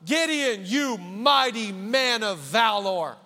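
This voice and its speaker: A man's voice: high-pitched, animated, sharp tone, heavily acted. A man voicing an angel who solemnly proclaims God's word. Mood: proclaiming. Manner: slow, proclaiming. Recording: reverberant hall.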